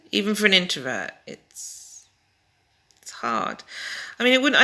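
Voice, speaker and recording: A woman's voice: on the low side, creaky, sharp tone. A middle-aged woman talking through her lockdown days in a casual home vlog, rambling and wry, with many restarts. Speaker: vlogger.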